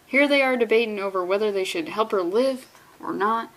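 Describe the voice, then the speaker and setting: A woman's voice: medium pitch, a little fast. Sarcastic, profane woman comic vlogger. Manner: profane, sarcastic, animated rants. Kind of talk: casual comic read-along commentary.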